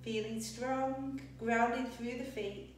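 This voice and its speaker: A young adult woman teaching a yoga class, calmly cueing breaths and poses, a little out of breath. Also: a little high, slow pace, slight background noise. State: slightly out of breath. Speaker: yoga instructor. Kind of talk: guided yoga class instruction. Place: yoga studio. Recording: echoey room, voice a bit distant.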